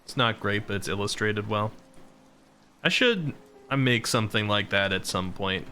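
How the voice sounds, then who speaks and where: A man's voice: on the low side, animated, normal speed, bright, forceful tone, slight background noise. A man chatting casually with his viewers as a VTuber streamer, laughing often and talking straight to chat.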